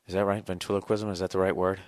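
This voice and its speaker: Man, forties, podcast host, sarcastic profane rant, lowish voice, dry close mic. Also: flat delivery, rapid-fire, no echo. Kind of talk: casual comedic rant.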